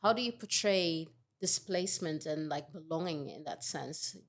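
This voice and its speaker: Female podcast host, low-pitched, halting and questioning. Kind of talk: podcast interview.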